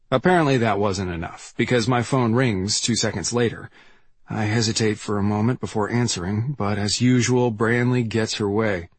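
Man, audiobook narration, husky tone, dry close recording. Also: fairly low pitch, moderate pace, no room sound. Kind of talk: first-person audiobook narration.

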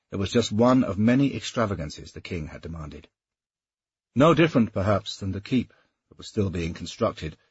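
A man narrating a historical novel in a steady, measured audiobook reading. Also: low-pitched, slightly rough, no echo, dull audio.

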